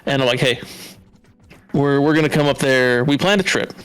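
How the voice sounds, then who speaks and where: A man's voice: medium pitch, normal speed, clear, resonant tone. A man from Southern California telling stories as a podcast guest, swearing freely and acting out what others said in a raised voice. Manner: animated, swears freely, acts out quotes in a raised voice. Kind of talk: casual storytelling.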